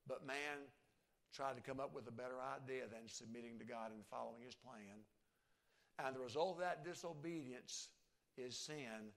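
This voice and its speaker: A man preaching a sermon, swinging from quiet to emphatic. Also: mid-range voice, normal speed, gravelly. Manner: emphatic, swings from soft to loud.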